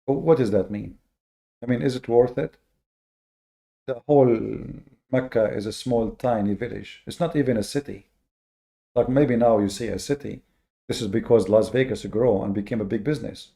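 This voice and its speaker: A man hosting a lecture-style monologue, speaking with slow, deliberate emphasis, often repeating words and adding fillers. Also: mid-range voice, vocal fry, warm tone. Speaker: host.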